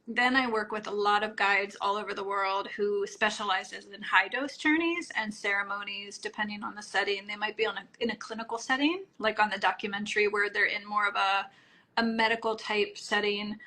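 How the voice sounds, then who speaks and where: A middle-aged woman, a healing practitioner, answering interview questions in a calm, explanatory way, often trailing off softly at phrase ends. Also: medium pitch, fairly quick, poor audio. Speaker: microdosing practitioner, guest.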